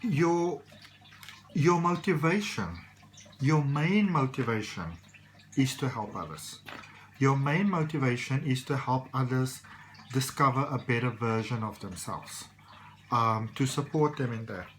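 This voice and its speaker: A man's voice: medium pitch, animated, measured pace, a little hiss or hum, rough recording. A man giving a casual tarot reading, rambling and reassuring with many fillers. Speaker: tarot reader.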